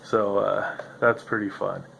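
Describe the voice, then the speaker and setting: A man's voice: lowish voice, fairly even intonation, measured pace, creaky, a bit bright, slight background noise. A man hosting a solo podcast, musing in a meandering, self-interrupting way with a slightly nasal voice. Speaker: podcast host. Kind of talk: rambling solo monologue.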